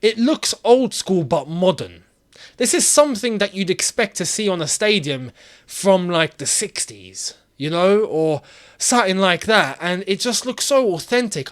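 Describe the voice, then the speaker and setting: A man hosting his own football channel, chatting casually and animatedly and laughing often. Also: fairly high pitch. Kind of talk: casual football chat vlog.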